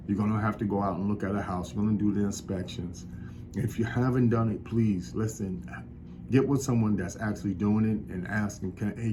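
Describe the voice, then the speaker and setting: Low-voiced man giving an encouraging pep talk. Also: mellow, slight background noise. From New York. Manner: encouraging, preacher-like exhortation. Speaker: real estate agent vlogger. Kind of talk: motivational talk to camera.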